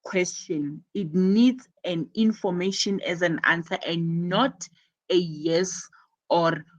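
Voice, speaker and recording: A woman teaching an English lesson, repeating example phrases slowly and carefully. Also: lowish voice, muffled recording. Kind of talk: English lesson explaining conversation.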